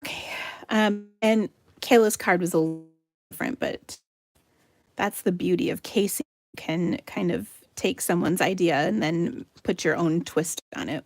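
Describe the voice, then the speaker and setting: Chatty American woman with a gravelly edge. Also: on the low side, moderate pace, dry recording. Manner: chatty, giggly, talks to viewers while crafting. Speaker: craft livestream host. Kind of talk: live card-making demo.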